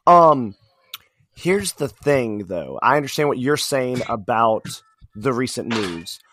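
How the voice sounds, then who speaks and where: A man co-hosting a podcast, talking in a casual, animated way with many fillers and restarts. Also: mid-range voice, slow pace, slight background noise. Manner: animated, rambling wrestling fan talk with fillers. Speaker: podcast co-host. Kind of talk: casual chat.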